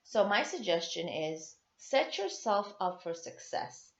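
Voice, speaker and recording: A woman's voice: medium pitch, big pitch swings, a little slow, vocal fry. A woman giving earnest marriage advice to other women, emphatic and repeating words for stress. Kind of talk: motivational talk to women. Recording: echoey, dull lo-fi sound.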